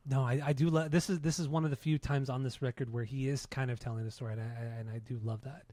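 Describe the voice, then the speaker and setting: A man's voice: medium pitch, steady tone, fast, warm tone, no room sound. A man co-hosting a podcast, earnest and opinionated, with the odd curse word. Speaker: podcast co-host. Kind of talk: casual podcast chat.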